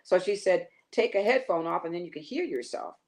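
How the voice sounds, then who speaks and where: An older woman, a guest singer, telling a lively story on a talk show and acting out the quotes with laughter. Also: lowish voice, a little fast.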